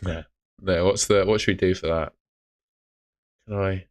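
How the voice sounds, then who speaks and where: A man's voice: deep voice, steady tone, a little slow. A young man hosting a live fantasy football stream, chatting casually and answering comments. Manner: casual, chatty, uses mate and fillers.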